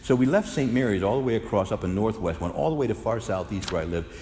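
A man who is a Catholic priest, preaching a sermon with lively storytelling that swings from hushed to loud. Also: fairly low pitch, fast talker. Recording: echoey hall with faint noise.

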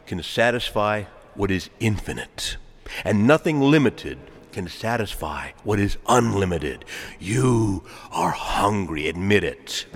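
Man preaching in a large church hall, very expressive pitch, hushed to loud calls, reverb trailing. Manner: dramatic swings between hushed and loud calls, asks congregation to respond. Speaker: pastor. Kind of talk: sermon.

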